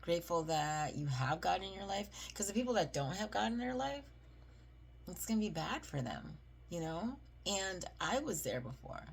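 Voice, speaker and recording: A woman's voice: lowish voice, sing-song, moderate pace, vocal fry, breathy edge. A woman reading scripture aloud and then talking about it in a chatty devotional, often checking in with the listener. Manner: chatty, often asks "right?" and leans on emphasis. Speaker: Bible reading video host.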